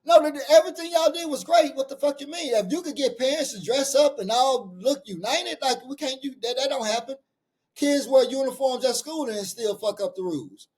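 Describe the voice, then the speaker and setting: Podcast co-host, a man with a very high voice, pushy, swears freely, keeps cutting in. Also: a little fast, darkish tone. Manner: insistent, profane, talks over others. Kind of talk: casual debate chat.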